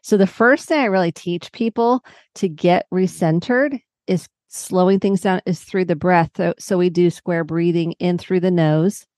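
A psychotherapist, a woman with a somewhat low voice, talks animatedly as a podcast guest. She often slips into quick impressions of her clients. Her voice is recorded close and dry. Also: darkish tone, no echo. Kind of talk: conversational podcast interview.

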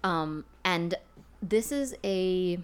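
Woman, casual podcast chat, self-deprecating, laughs a lot, slightly low voice. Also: lively intonation, extremely slow, clean tone. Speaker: podcast co-host.

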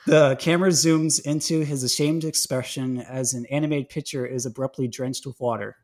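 A man's voice: mid-range voice, steady tone, normal speed, darkish tone. A man hosting a podcast, narrating a comic fan story in a playful, laughing, casual way.

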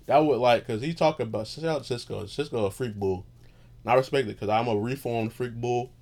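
A man's voice: mid-range voice, brisk, a little mellow. A man hosting his own show, talking in a loose, profane, meandering monologue that keeps losing its thread, recorded while lying in bed at home. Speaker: podcast host. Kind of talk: casual rambling monologue.

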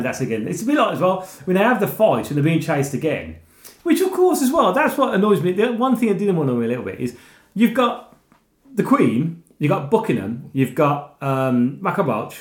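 Animated man in an echoey room. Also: a little high. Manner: animated, acts out scenes with laughing. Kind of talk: casual film chat.

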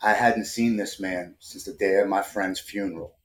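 A man's voice: low-pitched, fairly even intonation, normal speed. A man in his forties, a podcast guest, telling a personal story earnestly and emotionally, often repeating words as he starts sentences. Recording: roomy echo.

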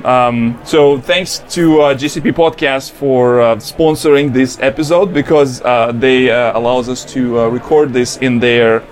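A man with a Russian accent hosting a casual podcast chat from a booth at a conference, talking haltingly with many fillers. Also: medium pitch, fairly even intonation. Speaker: podcast host.

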